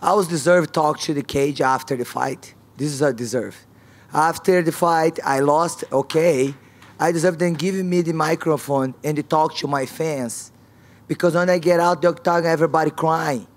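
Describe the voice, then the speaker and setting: A woman's voice: low voice, normal speed. A woman fighter at a press conference, speaking frank, non-native English with broken grammar and repeated key words.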